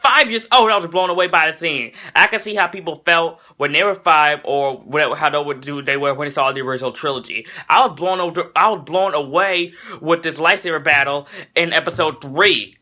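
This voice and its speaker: An excitable teenage boy talks through a film review with a bright, forceful edge to his voice. His pitch sits a little high for a young man. He gushes over what he loves and turns mockingly sarcastic about what he doesn't. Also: fairly quick, hardly any pauses. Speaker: movie reviewer. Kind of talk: casual spoken film review.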